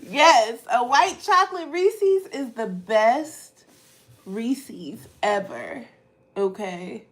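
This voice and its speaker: A woman vlogger from Ohio, telling stories casually to her live chat and swinging from hushed asides to loud outbursts. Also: a little high, lively intonation, drawn-out words.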